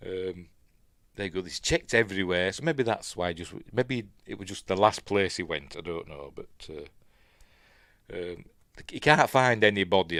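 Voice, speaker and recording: Rambling Yorkshire man, low dry voice. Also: moderate pace, a bit bright, dry recording. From Yorkshire, England. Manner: rambling, chuckling asides, frequent ums. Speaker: film reviewer. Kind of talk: casual scene-by-scene film commentary.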